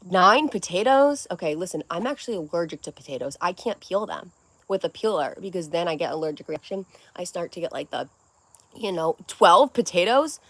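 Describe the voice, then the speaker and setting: A woman's voice: on the low side, fast talker, husky, no room sound. A young adult woman hosting a casual livestream at home, rambling from one topic to the next in a scattered way. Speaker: livestream host.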